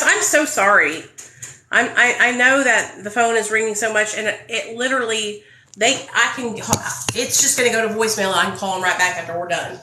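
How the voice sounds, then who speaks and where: A woman's voice: medium pitch, reverberant, low-quality recording. A young woman vlogger chatting candidly and swearing freely as she tells her story while doing her makeup. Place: indoor room, phone ringing.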